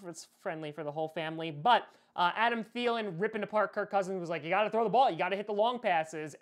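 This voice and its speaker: A young man hosting a fantasy football vlog, talking casually with joking, sarcastic asides. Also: sits high. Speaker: host.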